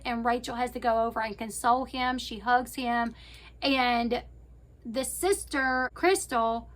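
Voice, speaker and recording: Speaking directly to her audience, a high-voiced woman on YouTube recaps a reality show in a loose, chatty style. Fillers pepper her speech, and she often stops to correct herself.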